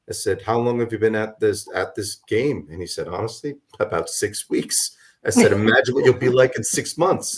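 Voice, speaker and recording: Hoarse, low-voiced man meandering through a debrief. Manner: meandering, hesitant, many fillers and restarts. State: voice worn from a long night. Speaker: guest, local political organizer. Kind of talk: radio interview, recapping events.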